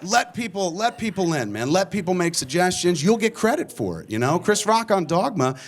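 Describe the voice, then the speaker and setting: Brief: forties man, lively pitch, profane rambling storyteller at a conference. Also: normal speed, noisy background. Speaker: filmmaker guest speaker. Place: conference stage before an audience.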